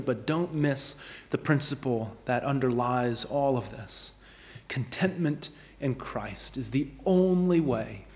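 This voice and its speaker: Earnest preacher man in a reverberant hall. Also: mid-range voice. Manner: earnest, emphatic preaching with swells of volume. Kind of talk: sermon.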